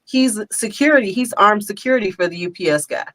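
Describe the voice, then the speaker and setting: An older woman, hosting a casual chat and telling lively stories, laughing often and acting out quotes. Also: mid-range voice, quick pace, no echo. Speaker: host.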